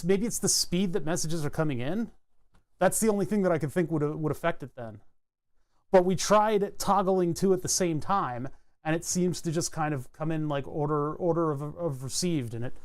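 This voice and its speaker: A man streaming live, thinking aloud in a halting, self-interrupting way as he works through a technical problem. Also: on the high side, darkish tone. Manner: muttering, halting, self-interrupting while debugging.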